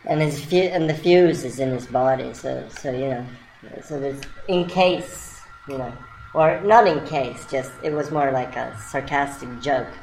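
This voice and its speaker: A woman telling a surreal, playful story in a halting, rambling way with many restarts. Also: extremely low pitch, darkish tone, a little hiss or hum, rough recording. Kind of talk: rambling spoken monologue.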